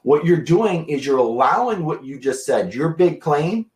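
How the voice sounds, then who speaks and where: A man giving a sales training talk, emphatic and deliberate, pausing for effect. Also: fairly high pitch, very animated, darkish tone. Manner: emphatic, deliberate pacing with long pauses. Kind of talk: instructional talk to camera. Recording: echoey room.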